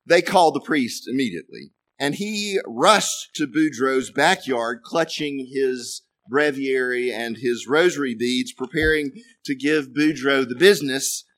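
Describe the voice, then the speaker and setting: Male preacher, storytelling joke, dry wit, plain mid-pitched voice. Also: unhurried, hardly any pauses, a bit bright. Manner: dry, self-deprecating asides.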